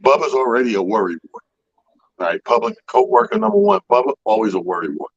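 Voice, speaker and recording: Male radio host, animated profane storyteller, husky and dry. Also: mid-range voice, fast, dry recording, highs cut off. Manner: animated storyteller, acts out people's quotes, profane. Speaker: comedy show organizer. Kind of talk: casual storytelling chat.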